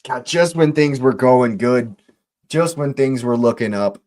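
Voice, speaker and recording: Male fan host for a live match reaction stream, unhurried, repeats himself in disbelief, mid-range voice. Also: medium pitch, a little mellow. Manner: exasperated, repeats phrases, slow deliberate delivery. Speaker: watch-along host.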